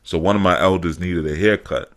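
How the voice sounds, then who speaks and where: Low-pitched and a bit bright, this middle-aged man keeps a steady tone and a brisk pace as he hosts his talk show. A spiritual teacher, he spins loose, casual stories full of "man" and "you know," voicing quotes and occasionally turning emphatic.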